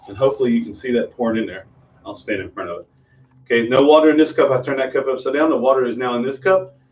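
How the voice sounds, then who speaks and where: A man's voice: mid-range voice, a little mellow. Chatty man doing magic, distant and muffled. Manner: chatty and rambling, full of ums and restarts. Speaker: children's magician. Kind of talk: performing magic tricks for kids on a video stream. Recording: distant, dull home video sound.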